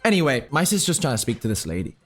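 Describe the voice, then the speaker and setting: Faint music plays behind a fast-talking young man with a medium pitch as he narrates his gameplay and spins a rambling tale. Excitable and foul-mouthed, he talks in slang and mutters to himself about his moves.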